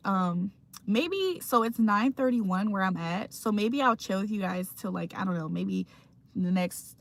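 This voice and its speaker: A woman's voice: medium pitch, vocal fry. A young woman from Virginia hosting a casual morning livestream, reading chat comments aloud in a laid-back, chatty way and laughing often. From Virginia, USA. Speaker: livestream host.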